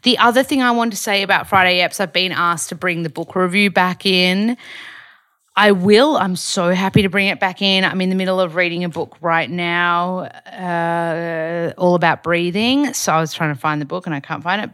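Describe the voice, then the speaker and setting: A woman's voice: on the low side, fairly bright tone, no echo, studio quality. A young Australian woman hosting her own podcast, giving a chatty, upbeat solo update full of fillers and tangents. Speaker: podcast host.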